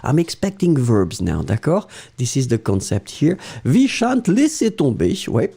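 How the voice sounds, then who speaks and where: French-accented male teacher, slow and warm-toned, very animated pitch, encouraging. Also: gravelly, breathy edge. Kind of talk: live-stream language lesson, reading viewer answers.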